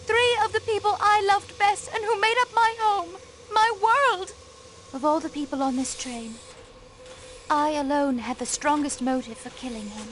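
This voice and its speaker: A woman's voice: sits high, normal speed, a bit bright, a little hiss or hum. A woman voicing a proud, secretive countess with an American accent in a mystery game. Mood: defiant. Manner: guarded, breaking into anguished grief. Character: secretive grieving noblewoman, high-strung and proud. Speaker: countess under questioning. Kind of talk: video game voice acting.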